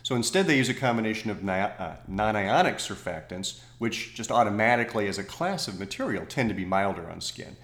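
A man with a lowish voice explains skincare ingredients on a podcast, recorded in a noticeably roomy, echoing space. He talks it through thoughtfully, stops to correct himself, and drops in small jokes. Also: sing-song, a little fast, few pauses, a bit bright. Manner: thoughtful, self-correcting, jokey asides. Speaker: podcast co-host. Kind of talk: casual science chat.

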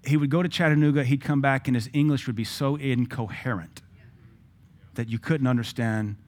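A man's voice: medium pitch, steady tone, normal speed. A middle-aged man, preaching a sermon as pastor, telling stories with acted-out quotes and blunt asides.

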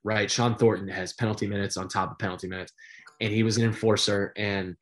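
A middle-aged man, a sportscaster guest, telling stories in a casual interview, animated and full of fillers. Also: fairly low pitch, fast talker. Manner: animated storyteller with many fillers.

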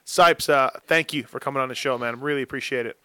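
A man's voice: mid-range voice, fast talker, bright, forceful tone, smooth, no room sound. A man hosting a casual chat show, jokey and playful, cutting in on the others. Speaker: host. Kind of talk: casual chat, teasing banter.

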